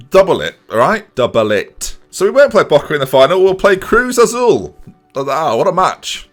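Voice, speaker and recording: A young man giving excitable, sarcastic running commentary as he plays a football management game and talks to his viewers. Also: medium pitch. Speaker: gaming YouTuber.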